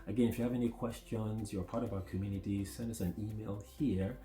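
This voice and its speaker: A man co-hosting a podcast, telling stories in a calm, thoughtful way. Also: fairly low pitch, fairly quick. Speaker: podcast co-host. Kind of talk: casual podcast chat.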